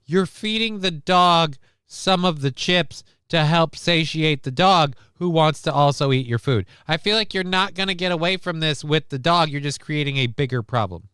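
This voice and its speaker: Smooth-voiced joking male streamer. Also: a little high, normal speed, few pauses, a bit bright, no room sound, clean studio sound. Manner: joking, rambling, swears freely. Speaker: stream host. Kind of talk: casual chat reacting to news clips.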